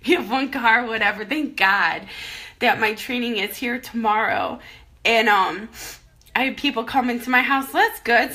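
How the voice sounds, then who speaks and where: Casting: a tearful woman in her thirties, candid self-pep-talk vlog, bright forward tone. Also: medium pitch. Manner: rambling, candid, self-encouraging. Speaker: mother vlogging about money worries. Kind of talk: emotional personal vlog.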